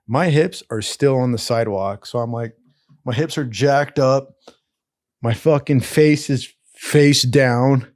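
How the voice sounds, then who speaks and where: A man's voice: medium pitch, slow, no room sound, clean studio sound. A man telling wild stories in a casual, profane, rambling way, full of slang and asides. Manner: profane, animated, slangy with "dude". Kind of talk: casual storytelling.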